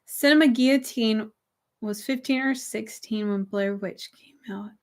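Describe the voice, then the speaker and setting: Young woman host, chatty and relaxed, slight hoarseness, answers her viewers' comments. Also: on the high side, unhurried. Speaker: livestream host. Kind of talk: casual livestream chat. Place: her room with string lights.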